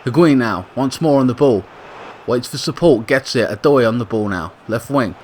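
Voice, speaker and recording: Gaming commentator, male, middle pitch, chatty with sudden excited bursts, light noise under the voice. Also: normal speed. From Britain. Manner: excitable bursts on attacks, chatty asides and self-corrections. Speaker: gaming YouTuber commentating a football sim. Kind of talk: casual play-by-play game commentary.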